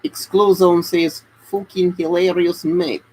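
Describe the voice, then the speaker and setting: A man's voice: high-pitched, level tone, a little slow, a little mellow, a little hiss or hum, voice pushed up, low-quality recording. A man putting on a hammy Russian accent, playing a mock-Russian man selling gas masks with broken grammar and salesman patter during a live stream. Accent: put-on Russian accent.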